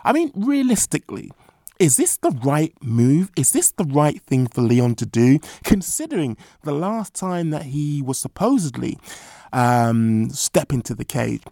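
Podcast host, gets all hyped, gravelly voice, dry close sound. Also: mid-range voice, a little slow, no room sound. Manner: excitable, rambling, lots of fillers and restarts. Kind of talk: casual podcast interview.

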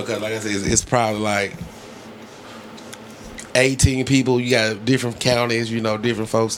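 A man's voice: fairly low pitch, a little hiss or hum. Profane laughing male podcast storyteller. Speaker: podcast host. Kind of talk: casual storytelling chat.

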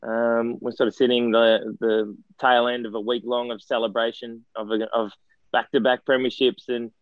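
An Australian man in a casual interview, spinning a self-deprecating yarn with plenty of ums, restarts and quoted dialogue. His voice sits at an ordinary middle pitch. The recording is dry and slightly muffled. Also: level tone, moderate pace, no echo. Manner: rambling, self-deprecating storyteller with many restarts and fillers. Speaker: guest, former footballer and coaching director.

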